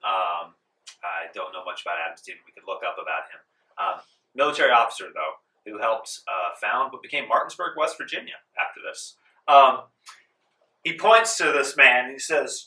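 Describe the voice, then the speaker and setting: A man with a lowish, sharp voice narrates as game master of a tabletop game, animated and at normal speed. His narration is casual and full of "um" and "like." It was recorded in a library meeting room with a roomy sound and a distant mic.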